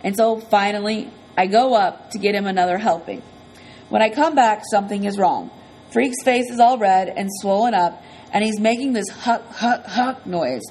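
A woman's voice: mid-range voice, moderate pace, a little mellow, a little hiss or hum, rough recording. Brief: woman narrator, first-person audiobook, earnest conversational storytelling, mid-range voice.

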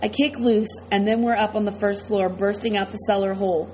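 A woman's voice: mid-range voice, steady tone, fairly quick, a little mellow, a little hiss or hum, low-quality recording. A woman reading a first-person novel aloud as audiobook narrator, in a tense, dramatic way.

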